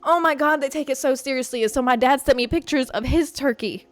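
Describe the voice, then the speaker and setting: A young woman hosts her podcast in a loose, profane rant, her voice sitting a little high. The sound is close and dry, with faint music under it. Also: brisk, no room sound. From Puerto Rican family. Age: young adult. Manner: profane, animated, ranting. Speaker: podcast host. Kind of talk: casual storytelling monologue.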